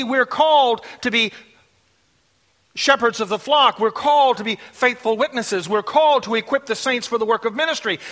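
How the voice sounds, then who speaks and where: A man preaching a sermon, shifting between hushed, intimate lines and loud, emphatic declarations. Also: very high-pitched.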